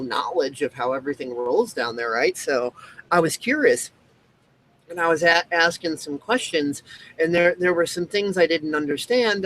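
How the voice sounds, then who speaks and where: A man's voice: on the high side, fairly bright tone, slight background noise, poor audio. A man hosting a show, ranting in a rambling monologue full of fillers and restarts. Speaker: show host.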